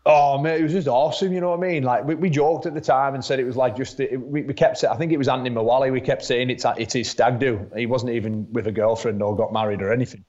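A chatty man speaks as an interview guest at a mid pitch, often repeating words as he restarts. The recording sounds dull and lo-fi. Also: fairly even intonation, quick pace, hardly any pauses, a little mellow. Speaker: guest rugby league player. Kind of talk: casual interview chat. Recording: dull lo-fi audio.

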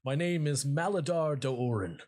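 A man voicing an excitable, nervous male half-orc architect in a tabletop game. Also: a little high, moderate pace, pitched above the performer's own voice. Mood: giddy.

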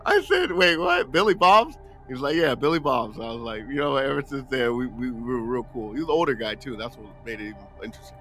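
Lively, bright-voiced man from Southern California. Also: mid-range voice, quick pace, few pauses, soft background music. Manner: lively anecdote-telling, laughs often. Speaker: podcast host. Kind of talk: casual podcast chat.

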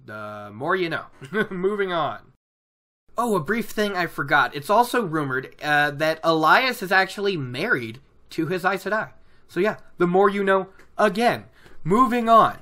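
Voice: mid-range voice, sing-song, moderate pace, pushed and bright. A host casually recapping a fantasy novel chapter, chatty and rambling, with lots of fillers. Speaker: book podcast host.

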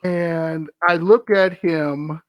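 A man's voice: on the high side, steady tone, extremely slow, dry recording. A man hosting a podcast, reading a scary story aloud and breaking off for wry, amused asides. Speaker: podcast host.

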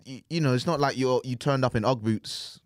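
A man's voice: mid-range voice, a little fast, no echo, studio quality. A man co-hosting a podcast, rambling through casual chat with slang and restarts. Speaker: podcast co-host.

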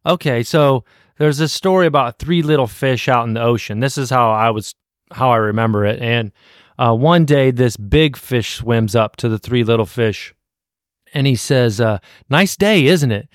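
A man's voice: mid-range voice, normal speed, no echo, studio quality. A man speaking as a guest in recovery, sharing earnestly and repeating words as he thinks. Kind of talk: reflective personal sharing.

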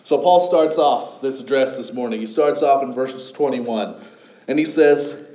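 A man's voice: fairly high pitch, normal speed, mellow, lo-fi sound. Man preaching in an echoey church. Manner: conversational, with many fillers and restarts. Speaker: pastor. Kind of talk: sermon. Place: church sanctuary.

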